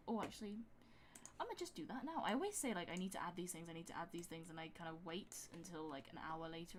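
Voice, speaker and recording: A woman's voice: lowish voice, fast talker, slight background noise. A woman chatting casually on a live stream while making music, rambling with lots of fillers and reading out chat. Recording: music playing behind the voice.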